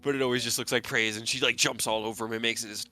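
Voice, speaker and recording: A man's voice: mid-range voice, racing, soft background music. A man playing in a tabletop game, eagerly describing what his character does. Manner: eager, animated storytelling. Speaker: player.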